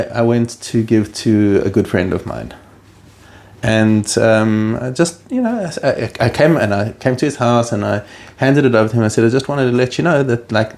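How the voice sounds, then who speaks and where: A podcast host talks in a casual conversation with a mid-range male voice. He thinks aloud, pausing and restarting as he works through his ideas in a reflective way. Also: mid-range voice, warm tone.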